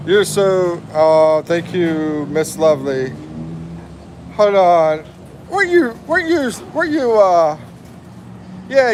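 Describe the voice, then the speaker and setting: On a casual livestream, an American man in his fifties talks slowly and easily, answering viewers one at a time, reading their comments aloud and laughing often. For a man, his voice is a bit high, and faint street noise can be heard behind him.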